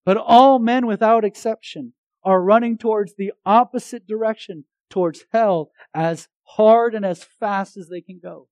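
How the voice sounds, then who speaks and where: Man preacher, high-pitched, dry close mic, moves from loud to hushed and jokes between points. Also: unhurried, hardly any pauses, no echo, muffled recording. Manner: swings between loud emphatic lines and hushed earnest ones. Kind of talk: sermon.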